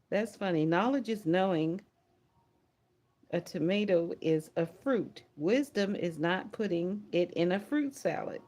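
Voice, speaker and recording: A woman's voice: fairly low pitch, animated, slow pace, darkish tone. A woman hosting a livestream prayer watch, chatting casually, laughing often and reading viewer comments aloud.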